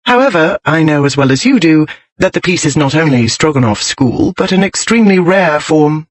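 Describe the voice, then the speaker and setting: A sharp-witted young lady, cool and unruffled, as a male narrator puts her on, lifted a little higher than his own fairly high voice. Her lines come crisp, arch and precise, as in a storybook romance. The sound is dry and close. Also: lively intonation, moderate pace, dry recording, close to an everyday voice.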